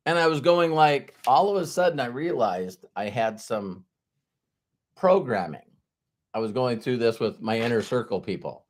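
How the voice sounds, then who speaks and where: A man's voice: mid-range voice, expressive, moderate pace. A middle-aged man, a network marketing trainer, telling a motivational story and acting out both sides of a conversation.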